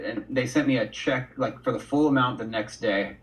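A man talking as a guest on a casual podcast, relaxed and storytelling, dropping "dude" and "man.". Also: medium pitch, moderate pace, recorded from a distance, poor audio. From United States. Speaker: guest artist.

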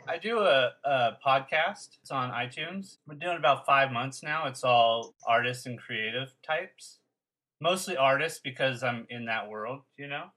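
A man's voice: medium pitch, measured pace, bright, forceful tone, rough recording. A man hosting a podcast, talking in a friendly, chatty way with lots of restarts. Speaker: podcast host. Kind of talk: casual interview chat.

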